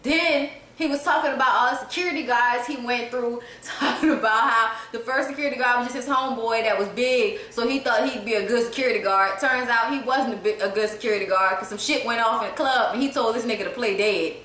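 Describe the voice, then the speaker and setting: A woman recaps a comedy film in a casual, animated way, swearing freely and laughing between lines. Her voice is high and bright. The echoey room rings around her. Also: brisk, hardly any pauses. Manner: animated, profane, breaks into laughter. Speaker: movie reviewer.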